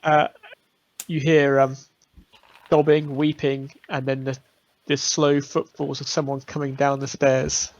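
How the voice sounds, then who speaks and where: A man's voice: medium pitch, level tone, unhurried. A man running a tabletop game as game master, narrating with a hesitant pace full of fillers. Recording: dull lo-fi stream audio.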